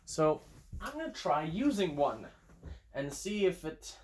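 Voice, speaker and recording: With a voice on the high side and a sing-song lilt, a young amateur songwriter talks at a measured pace while streaming a guitar session from a room at home. He chats casually and thinks aloud with hesitant restarts; the phone recording has a little hiss or hum.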